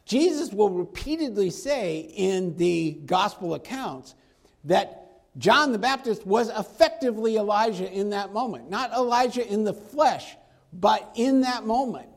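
Man, high-pitched voice, conversational sermon, Bible teaching, casual slang. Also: lively intonation, unhurried. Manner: conversational, acts out quoted dialogue with slang. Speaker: preacher.

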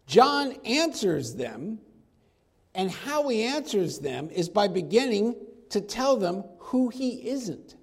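A man with a fairly high, husky voice preaches slowly through a Bible passage verse by verse in expository teaching. His manner is conversational and lively, and he drops into casual slang when voicing the story's characters.

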